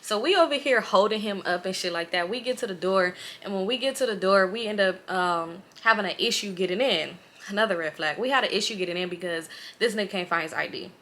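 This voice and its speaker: A woman in her late twenties tells a wild story straight to her viewers in a casual vlog. Her voice is bright and forward, and she talks in an animated, slangy way with plenty of swearing. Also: medium pitch, fast. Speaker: vlogger.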